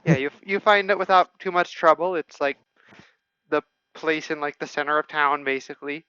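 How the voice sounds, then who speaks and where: Man, game master, bright crisp voice, stop-start narration, lo-fi sound. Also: fairly high pitch, no echo. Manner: halting, full of restarts while describing scenes. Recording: dull, lo-fi stream audio.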